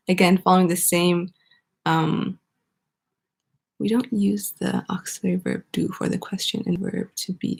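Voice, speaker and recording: A woman teaching an online English grammar lesson, explaining step by step and pausing for student answers. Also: fairly low pitch, creaky.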